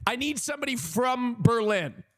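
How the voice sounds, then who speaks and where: Animated high-voiced man streaming. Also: moderate pace, no room sound, clean studio sound. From United States. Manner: animated, opinionated, talks to chat. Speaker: livestreamer. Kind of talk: casual chat with viewers.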